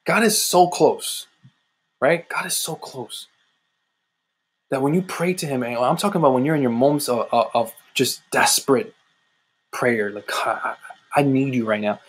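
A man's voice: mid-range voice, normal speed, pauses often, a little hiss or hum. A man preaching an impassioned sermon, often repeating phrases and calling his listeners "guys".

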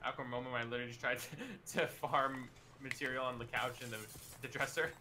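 A man playing as a teammate, chatting casually with lots of fillers and quick exclamations. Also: medium pitch, steady tone, bright, forceful tone, slight background noise. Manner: rambling, filler-heavy, reacts with quick exclamations. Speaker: teammate in the match. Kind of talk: casual gameplay chat. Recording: game sounds clearly behind voice.

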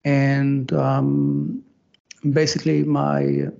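A man with a French accent, a guest in a video-call interview, speaking in halting, hesitant phrases. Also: medium pitch, level tone, gravelly, mellow, dull audio.

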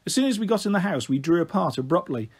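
A man reading a children's novel aloud in an expressive, animated way. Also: high-pitched, fast talker, slightly rough. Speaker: storyteller.

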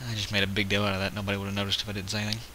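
A man's voice: fairly low pitch, completely flat delivery, rapid-fire, sharp tone, low-quality recording. Rambling man narrating a strategy game. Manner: rambling, counts units aloud, self-correcting. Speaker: gameplay video host. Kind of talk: casual let's-play commentary. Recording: faint hiss behind.

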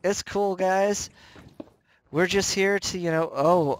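Excitable man yelping through gameplay. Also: high voice, slow, long pauses. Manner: excitable, jumpy reactions with frequent yelps and self-mockery. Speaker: let's play host. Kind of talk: gameplay commentary.

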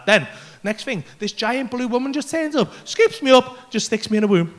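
A man doing an animated, sweary stand-up routine in a comedy club, with loud outbursts. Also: high-pitched, quick pace, a little hiss or hum.

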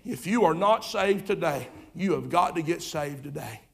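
A pastor preaching a sermon in a church, fervent and repetitive, swinging from loud urging to quiet asides. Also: male voice, fairly high pitch, lively intonation, normal speed, vocal fry, breathy edge. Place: church sanctuary.

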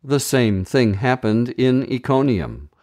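A man hosting a daily Bible reading podcast, reading scripture aloud in a measured, deliberate way with brief commentary. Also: mid-range voice, sing-song, dark tone.

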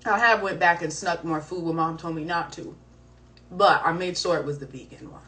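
A young woman hosting a live stream from home, chatting casually and telling a story in an animated, slangy way with plenty of cursing. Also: on the low side, moderate pace. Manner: animated, slangy and profane, with exclamations. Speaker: live-stream host answering viewer questions. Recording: voice a bit distant from the mic, faint background noise.

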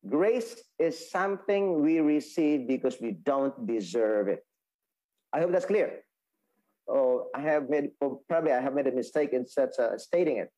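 A man teaching a Sabbath school Bible lesson, explaining slowly with many restarts and fillers. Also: mid-range voice, expressive, dark tone, low-quality recording. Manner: explaining, repeats and restates points, halting with fillers.

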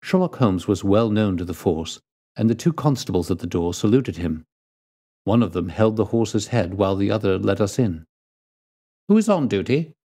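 A man reading a classic detective story aloud as storyteller, in a measured and deliberate way. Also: lowish voice, dark tone.

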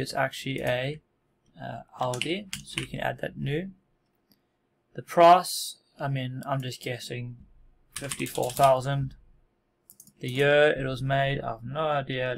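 A man records a laid-back software tutorial at his desk microphone. His voice has a gravelly, creaky edge, and he talks in a loose, self-deprecating way full of fillers and false starts. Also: medium pitch, slight background noise. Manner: relaxed, self-deprecating, many fillers and restarts. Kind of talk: casual screen-recorded tutorial.

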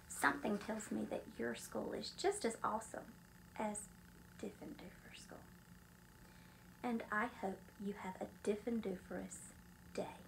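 A young adult woman reading a children's picture book aloud in a lively, sing-song way, chanting the rhyming school song. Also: mid-range voice, a little slow, creaky, slight background noise, low-quality recording. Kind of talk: storybook read-aloud for children.

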